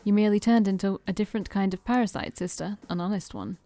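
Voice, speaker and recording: A woman reading the lines of a smug, theatrical male vampire, slow and emphatic like a preacher, without putting on an accent. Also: mid-range voice, dark tone, no echo, lightly acted.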